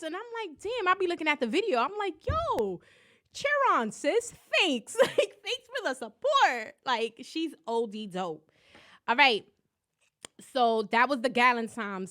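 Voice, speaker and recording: A young woman hosting a podcast, loud and profane, laughing often in casual chat. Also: on the high side. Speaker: podcast host.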